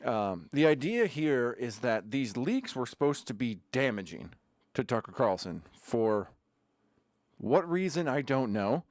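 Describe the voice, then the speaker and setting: With a medium-pitched, sing-song and unhurried delivery, a man hosts a casual livestream from home. He wanders between topics and tosses in sarcasm between sips of beer, recorded on a desk camera setup with no room sound.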